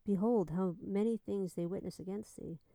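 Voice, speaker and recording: A woman reading the lines of a stern Roman governor in a measured, questioning way. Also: medium pitch, warm tone, no room sound, close to an everyday voice.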